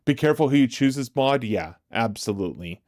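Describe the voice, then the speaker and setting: A man's voice: medium pitch, animated, brisk, darkish tone, no room sound, clean studio sound. A man hosting a livestream, chatting casually with viewers, answering their comments aloud and laughing often. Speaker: livestream host. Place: home streaming setup.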